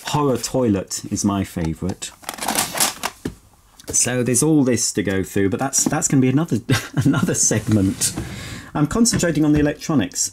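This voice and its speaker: Over a noisy background, a middle-aged vlogger speaks at medium pitch, chatting casually as he sorts old things at home indoors. His tone is sentimental and self-mocking.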